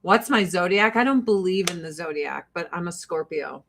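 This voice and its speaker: A woman's voice: on the low side, expressive, moderate pace, gravelly, a bit bright. A woman from the Joliet area hosting a casual livestream chat with viewers, blunt and jokey, swearing freely. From Joliet, Illinois, USA. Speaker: livestream host and beauty product seller.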